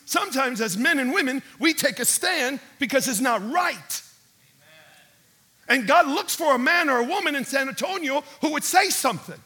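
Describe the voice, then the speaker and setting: A male pastor delivers a sermon through dramatic storytelling, dropping to a hush and then surging to a shout. His voice sits high for a man, with a husky, raspy grain and a bright, forceful edge.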